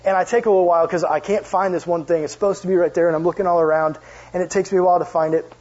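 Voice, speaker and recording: A man's voice: high-pitched, fairly even intonation, racing, a little mellow. A young man preaching to a youth group in a casual, joking storytelling style, often turning to ask the audience questions. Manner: casual, chatty, jokey asides to the audience. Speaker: youth pastor. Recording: dull lo-fi sound.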